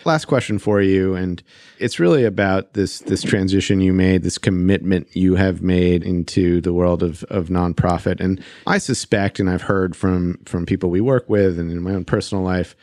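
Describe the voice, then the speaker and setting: A man's voice: low voice, moderate pace, a little mellow, no echo, clean studio sound. A man hosting an interview, asking long questions with hesitant repeated words. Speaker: podcast host.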